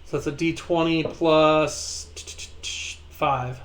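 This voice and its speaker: A man runs a tabletop game in a voice that sits a little high for a man. He is relaxed and jokey, and patiently explains the rules to his players over a call. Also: slow pace. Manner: relaxed, joking, guides players through rules. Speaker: game master.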